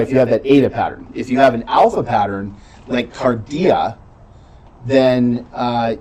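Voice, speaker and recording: A man's voice: mid-range voice, mellow, poor audio. A man teaching a beginning Greek class, explaining patiently and checking in with "right?" often. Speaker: Greek instructor. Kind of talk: classroom lecture.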